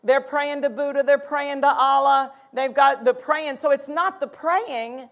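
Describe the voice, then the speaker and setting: A woman pastor delivers a sermon with a high, light voice. She preaches emphatically and repeats key phrases for weight. Her speech comes in a steady, earnest flow. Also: measured pace.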